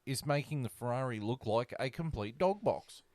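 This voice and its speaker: A blunt man leading a casual podcast chat, stumbling and restarting as he talks. His voice sits at an ordinary pitch. The recording is close and dry. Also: expressive, normal speed, darkish tone, dry recording. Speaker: podcast host reading news items.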